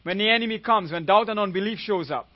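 A man's voice: sits high, fast, no room sound, muffled recording. A man preaching a sermon as a guest preacher, retelling a story and often asking the congregation "amen?".

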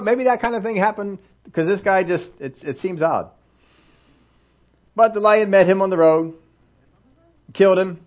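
A male pastor preaches in a chatty, folksy way and keeps acting out little scenes with humor. His voice sits a little high. The recording is dull and lo-fi. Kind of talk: conversational sermon.

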